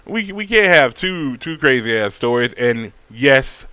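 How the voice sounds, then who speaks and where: Guy rambling through a story recap, swears a lot, bright voice, dry sound. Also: medium pitch, a little slow, clear, resonant tone, no room sound. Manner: rambling, profane, animated.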